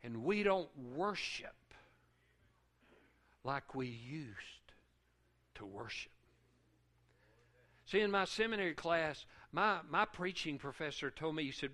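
A man preaching a sermon, emotional and repetitive, swinging from hushed lines to loud ones. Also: fairly high pitch, animated, takes it slowly, pauses often. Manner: repetitive rhythmic phrasing.

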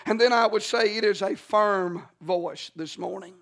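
High-voiced preacher with a rhythmic sermon. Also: male voice, moderate pace, fairly bright tone. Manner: rhythmic, emphatic preaching with frequent "uh" and "amen".

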